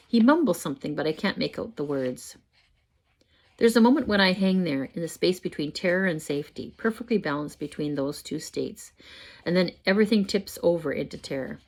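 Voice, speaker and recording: Older woman, lowish voice, reads her own book at home, measured and expressive. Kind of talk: first-person story reading. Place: home, with a pet dog nearby.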